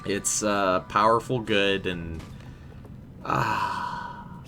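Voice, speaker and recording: A man voicing a drunken male brewer, halting and slurring over his words. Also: on the low side, steady tone, bright, forceful tone, soft background music, full character voice. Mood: boozy, boastful.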